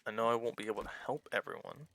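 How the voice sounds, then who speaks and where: Man, let's-play commentary, gravelly fry, bright tone, rambling, candid, casual swearing. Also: mid-range voice, fast. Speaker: small YouTuber playing a game.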